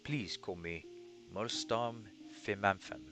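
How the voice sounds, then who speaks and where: A wiry foreign dye merchant who has roamed everywhere, as a man reads him out speaks slowly in a low, playful and grand manner. He draws out his words for effect. Guitar music plays clearly behind him. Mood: jovial.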